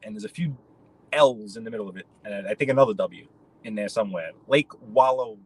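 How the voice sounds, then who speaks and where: A man's voice: fairly low pitch, lively intonation, fast talker, creaky, breathy edge, no room sound, poor audio. Chatty New man talking while driving. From New York. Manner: rambling, chatty, addresses viewers by name. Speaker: live-stream host. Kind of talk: casual chat while driving. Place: in a car.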